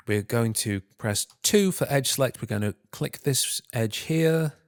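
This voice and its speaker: A man talking himself through a software tutorial, muttering and humming filler sounds between steps and calling himself an idiot. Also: medium pitch, a little slow, no room sound, studio quality. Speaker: tutorial host. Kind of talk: screen-recorded software tutorial.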